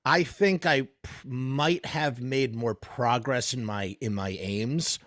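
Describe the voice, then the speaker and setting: A man's voice: mid-range voice, slow, fairly bright tone, no room sound, clean studio sound. A man, a podcast guest, chatting casually over a video call, rambling and searching for words. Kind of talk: casual chat. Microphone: video call mic.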